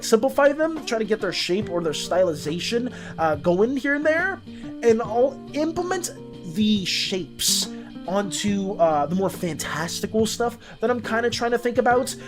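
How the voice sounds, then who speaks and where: Lively, animated woman streamer. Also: mid-range voice. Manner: animated, chatty, greets and thanks viewers. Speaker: artist streamer. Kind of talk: casual live-stream chat.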